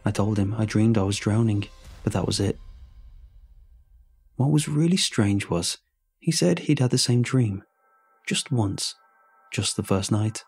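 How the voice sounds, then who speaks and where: A man with a husky, slightly low voice tells a first-person horror story. He keeps a hushed, measured pace, sounding shaken. Faint music plays softly underneath. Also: expressive.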